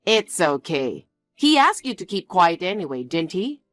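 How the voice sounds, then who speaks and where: A woman doing a slow, hushed older mother. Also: lowish voice, sing-song, soft background music. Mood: apologetic. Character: older woman, calm, stern yet apologetic mother.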